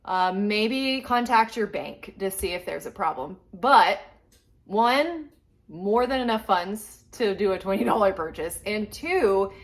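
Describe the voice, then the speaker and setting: A woman vlogger venting in a rambling, frustrated casual rant to her viewers. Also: medium pitch. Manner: frustrated, rambling, quick asides. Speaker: collector vlogger.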